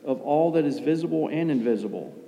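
A middle-aged man preaching a sermon as pastor in a calm, low-key, unanimated way. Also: a little fast, creaky, highs cut off. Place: church sanctuary. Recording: long hall reverb.

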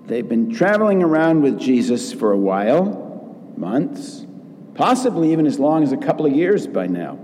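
A man preaching a sermon as pastor, acting out quoted lines with lively changes of voice. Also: on the high side, a little hiss or hum. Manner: slow, animated preaching with acted quotes. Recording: long reverb in a large room.

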